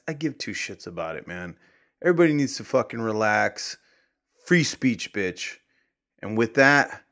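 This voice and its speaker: A man's voice: fairly low pitch, a bit bright. A man hosting a podcast, delivering a blunt, profane ranting monologue. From Kansas City area. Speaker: podcast host.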